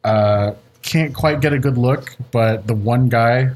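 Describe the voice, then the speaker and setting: A man's voice: medium pitch, takes it slowly, a little mellow. A man narrating a tabletop game as game master, rambling with many fillers. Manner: rambling, filler-heavy description.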